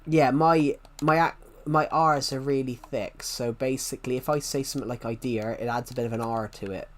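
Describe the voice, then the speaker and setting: A young man from the UK streams a game and chats casually with viewers in a mid-range voice, keeping a steady tone and a fairly quick pace. His strong regional British accent features strong R sounds, and he rambles and self-corrects while answering chat questions as they arrive.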